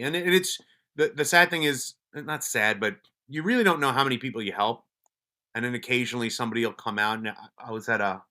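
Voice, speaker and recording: Bright-voiced, blunt, swearing man. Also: fairly low pitch. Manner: blunt, swears freely, frequent restarts. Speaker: podcast guest, police officer and wellness advocate. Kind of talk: casual storytelling.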